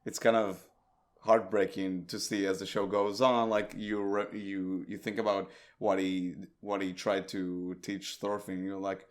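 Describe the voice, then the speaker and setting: A man co-hosting a podcast, chatting about anime in a playful, expressive way. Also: low-pitched, a little slow. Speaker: podcast co-host. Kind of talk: casual anime discussion chat.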